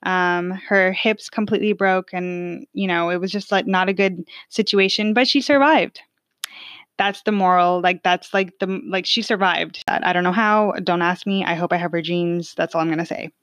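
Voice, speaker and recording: A woman's voice: on the low side, flat delivery, normal speed, hardly any pauses, fairly bright tone, no echo. A woman in her twenties telling a personal family story in a casual, chatty way, full of fillers. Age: 20s.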